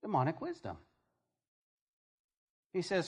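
A preacher delivering an emphatic sermon to a congregation, with a voice in a middle register. The delivery swings from loud, punchy lines to hushed asides and slips into quoted voices along the way. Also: mid-range voice, animated, a little slow. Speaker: pastor. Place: church before a congregation.

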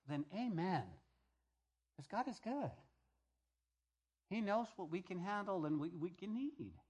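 Man, middle-aged pastor, sermon, chatty animated preaching, somewhat high voice. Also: measured pace, long pauses, slightly rough. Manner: conversational, animated preaching with repeated phrases.

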